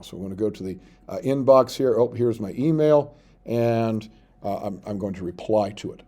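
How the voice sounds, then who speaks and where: Male teacher, mellow voice, patient step-by-step classroom explainer. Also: mid-range voice, expressive. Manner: explains step by step, reads out sample text slowly while typing. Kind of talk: screen-recorded tutorial.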